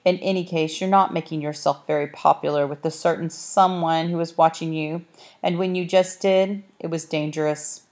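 A woman's voice: low-pitched, steady tone, normal speed, darkish tone, close to an everyday voice. A woman reading the part of a haughty, brusque talking cat, with a dry, clipped, condescending manner in a storybook. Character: haughty brusque orange tomcat guide.

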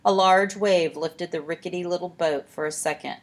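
A woman narrating a storybook aloud in a steady, expressive way. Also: on the low side. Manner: steady, expressive, slows for tense moments.

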